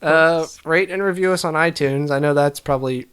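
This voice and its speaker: A man's voice: on the high side, normal speed, a bit bright, clean tone. A man from Florida co-hosting a podcast, trading jokes in a casual chat. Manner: joking, wisecracking. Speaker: podcast co-host.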